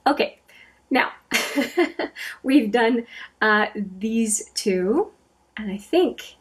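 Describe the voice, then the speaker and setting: A woman's voice: fairly high pitch, animated, very slow, slightly rough. A woman hosting a casual makeup swatching vlog, chatty and thinking aloud, often correcting herself as she goes. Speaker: beauty vlogger.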